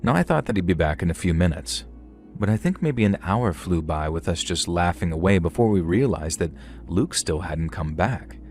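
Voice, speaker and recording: A young man narrating a first-person horror story in a measured, conversational way with casual slang. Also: low-pitched, lively intonation, a little mellow. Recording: faint music underneath.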